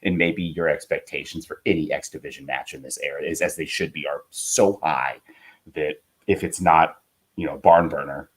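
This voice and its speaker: Very deep, husky man chatting. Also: steady tone, normal speed. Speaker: podcast co-host. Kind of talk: casual chat.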